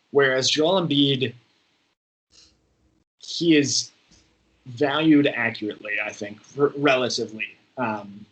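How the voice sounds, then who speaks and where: A man's voice: mid-range voice, a bit bright, poor audio. A man co-hosting a podcast in casual sports chat, reasoning things through and hedging his opinions. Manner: hedging, thoughtful, says "I don't know" often. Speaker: podcast co-host.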